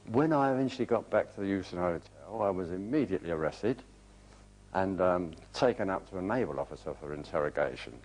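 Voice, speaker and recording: A man's voice: low voice, lively intonation, fairly quick, darkish tone, poor audio. An older English man, a war veteran, recalling his experiences in a plain, understated way with hesitations. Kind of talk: spoken recollection.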